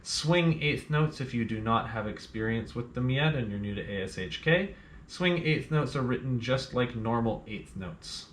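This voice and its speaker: A man's voice: medium pitch, expressive, moderate pace, a bit bright, slight background noise. Man teaching piano in an echoey room. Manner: counts beats aloud and hums rhythms while playing; patient, plain instructions to the learner. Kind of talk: step-by-step music lesson. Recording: roomy sound with piano playing.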